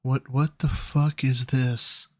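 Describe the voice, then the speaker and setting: A man's voice: mid-range voice, little pitch movement, slow, a little mellow. A man hosting a casual reaction chat, crude and mocking, with an incredulous tone. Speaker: host reacting to a video.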